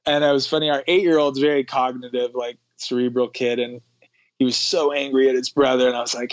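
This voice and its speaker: A man's voice: mid-range voice, flat delivery, fairly quick, no room sound. A man speaking as a podcast guest in a reflective, conversational way, often laughing between thoughts. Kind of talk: conversational interview. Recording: dull, lo-fi dry sound.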